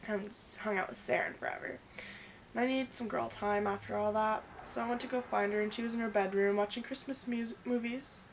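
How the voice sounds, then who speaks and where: A young woman in her early twenties telling a story in a casual vlog, rambling and animated, acting out the quoted dialogue. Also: medium pitch, fairly quick, a little hiss or hum. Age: young adult. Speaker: vlogger.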